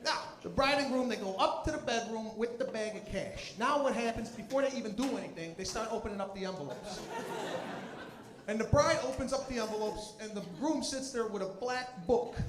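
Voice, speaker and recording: High-voiced comedian shouting punchlines onstage. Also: male voice, brisk. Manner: animated, shouting punchlines, crowd work. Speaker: stand-up comedian. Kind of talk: stand-up comedy set. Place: live comedy stage before an audience. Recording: echoey venue with loud crowd noise.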